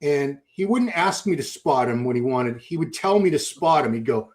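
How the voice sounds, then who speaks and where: A man hosting a podcast, telling gym stories in a relaxed, animated chat. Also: mid-range voice, moderate pace. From Boston. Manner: storytelling, animated. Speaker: podcast host. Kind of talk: casual chat.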